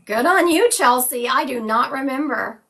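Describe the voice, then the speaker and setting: Woman doing live psychic readings, kinda high voice, keeps saying he's showing me, stops to talk to chat. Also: animated, moderate pace, sharp tone, husky. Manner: chatty, answers viewer comments between readings; describes visions as "he is showing me". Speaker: psychic medium host.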